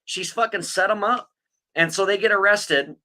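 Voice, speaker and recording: A man's voice: high voice, normal speed, pushed and bright. A man hosting a podcast, chatting casually about true crime in a blunt, profane, mocking way, rambling with lots of fillers. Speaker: podcast host.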